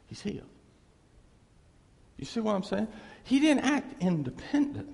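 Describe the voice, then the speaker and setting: A man preaches an informal sermon in a folksy, lively way. His voice sits high and gravelly and swings widely in pitch. A long hall reverb trails after his words. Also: measured pace, pauses often. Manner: folksy, animated, acts out dialogue, chuckles often.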